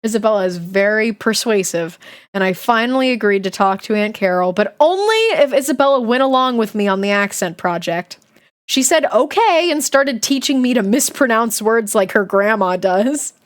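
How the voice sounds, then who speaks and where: A young woman with a somewhat high voice reads a children's diary book aloud on a live stream. She keeps it chatty and giggly, breaking off the text to react and joke with her chat.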